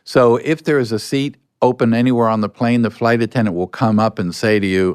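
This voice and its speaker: Older man telling stories in a smooth voice. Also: on the low side, brisk, hardly any pauses, dry recording, clean studio sound. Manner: relaxed anecdotal storytelling, acting out dialogue. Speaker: guest. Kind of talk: storytelling in a podcast interview.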